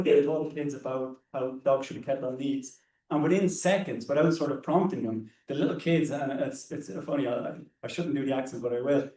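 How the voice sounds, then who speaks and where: Irish man telling stories, mellow roomy sound. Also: fairly high pitch. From Ireland. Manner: anecdotal storyteller, repeats words as he goes. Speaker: conservationist panelist. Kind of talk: panel discussion. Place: hall or seminar room. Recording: roomy, distant mic.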